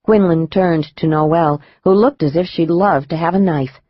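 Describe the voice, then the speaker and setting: A man narrating a thriller audiobook in a measured, even manner. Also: fairly high pitch, no echo, lo-fi sound.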